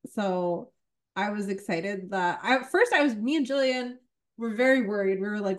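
A woman's voice: medium pitch, moderate pace. Chatty woman film panelist. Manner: chatty, with joking asides and many fillers. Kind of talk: casual panel chat.

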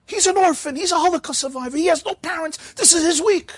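A man's voice: very high-pitched, fast, dry recording, studio quality, voice pushed up. A man voicing an impatient synagogue official who curtly orders an old reader aside. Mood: scolding. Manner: curt, scolding.

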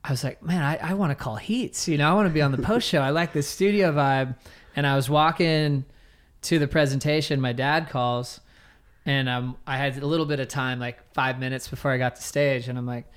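Smooth-voiced man telling stories casually. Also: mid-range voice, a little fast. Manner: relaxed, laughs often, many fillers. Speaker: guest, surf commentator. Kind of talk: casual interview storytelling.

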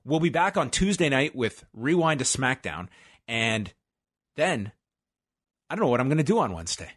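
A man's voice: medium pitch, sing-song, normal speed, a bit bright. Rambling man co-hosting a podcast. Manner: rambling, jokey storytelling. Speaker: podcast co-host. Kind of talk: casual podcast chat.

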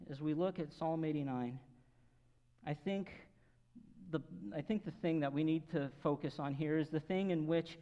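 A male pastor giving an earnest, emphatic sermon, swinging between raised and quiet passages. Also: on the high side. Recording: long hall reverb, dull lo-fi sound.

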